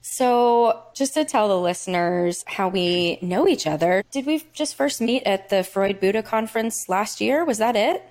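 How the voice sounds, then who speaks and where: A woman hosting a podcast, telling a story in a fast, giggly, animated way and chatting casually. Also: medium pitch, no room sound. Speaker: podcast host. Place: Chicago.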